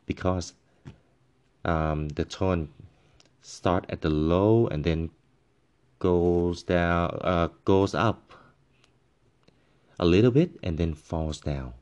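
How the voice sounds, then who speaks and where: Brief: man, very low voice, very slow and halting delivery, patient teacher who sings out syllables to show tones. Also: a little mellow, clear, resonant tone, dull audio. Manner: patient, halting, with many fillers and pauses; demonstrates tones by voicing syllables and musical notes. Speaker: language teacher. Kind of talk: tone pronunciation lesson.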